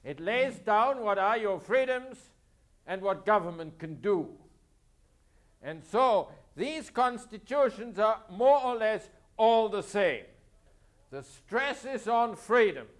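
High-voiced man giving an emphatic lecture. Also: animated, slow pace. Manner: emphatic, rhetorical questions, repeats points. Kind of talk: university history lecture.

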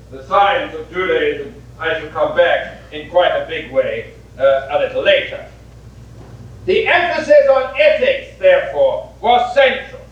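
A man giving an academic lecture in a deliberate way, repeating his key points for emphasis. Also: high voice, fairly bright tone. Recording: echoey, muffled hall recording from a distance.

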